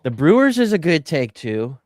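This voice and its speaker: Lively male sports podcast co-host. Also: fairly high pitch, normal speed. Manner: animated, jokey, reads out live comments. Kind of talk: casual sports podcast chat.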